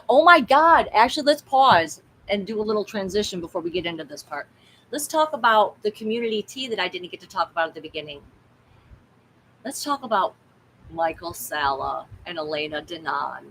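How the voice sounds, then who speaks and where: A woman's voice: mid-range voice, animated, a little fast, a bit bright, poor audio. A woman hosting a casual tarot livestream, talking in a blunt, rambling way with a mid-range voice. She swears freely and keeps the tone candid. A faint hiss of noise sits behind her. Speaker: tarot reader and livestream host.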